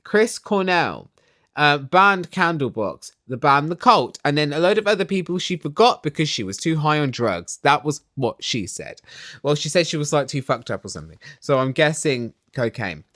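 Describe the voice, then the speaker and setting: Lively gossipy speaker ranting about TV. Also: mid-range voice, normal speed, no room sound, studio quality. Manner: animated, gossipy, exaggerated. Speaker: reality TV recap vlogger. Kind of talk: casual gossipy rant.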